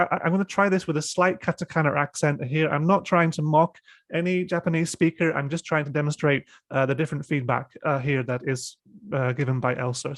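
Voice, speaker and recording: A British man hosting a webinar discussion and software demo, speaking with many fillers and restarts over a video call. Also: a little high, no echo. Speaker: host.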